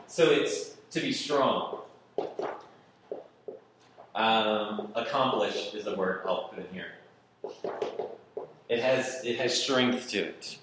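A man preaching in an echoing room, his mid-range voice bouncing off the walls. He moves between quiet earnest pleading and sudden loud, playful bursts, acting out small scenes and quizzing the crowd. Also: mid-range voice. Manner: animated, acts out little scenes, asks the room questions. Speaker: pastor. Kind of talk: sermon with Bible teaching. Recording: roomy echo.

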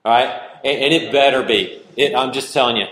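A man preaching and teaching a Bible verse, lively and conversational, acting out little scenes and questioning his listeners. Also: mid-range voice, fairly quick, slight background noise. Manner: animated, acts out little scenes, asks the room questions. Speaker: pastor. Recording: roomy echo.

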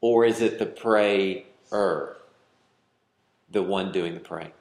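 A man's voice: sits low, slow pace, darkish tone. A man, preaching a sermon in a conversational way and teasing the congregation with questions. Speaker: pastor. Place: church hall with congregation. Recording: echoey church hall.

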